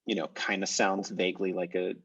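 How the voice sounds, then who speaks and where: Teaching an online language class, an American man from the United States keeps the discussion casual and rambling, full of fillers. He has a deep, slightly rough, fairly bright voice with flat delivery and a slightly fast pace. The mic is distant, and the video-call audio sounds muffled.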